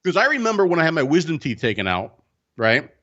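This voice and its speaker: Animated, profane storytelling man. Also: fairly high pitch, fast talker, dull audio. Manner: animated, profane, acts out the quoted people. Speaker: co-host. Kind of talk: casual podcast storytelling.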